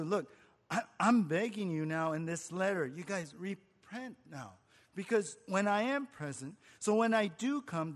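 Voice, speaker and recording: Man, pastor, high voice, earnest conversational preaching, rhetorical questions, hall reverb. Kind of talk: expository sermon.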